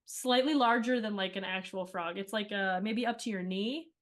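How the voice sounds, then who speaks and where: A woman's voice: medium pitch, moderate pace. Chatty woman rambling through stories. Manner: chatty, rambling storyteller with many fillers. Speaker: cast member being interviewed. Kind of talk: casual interview chat.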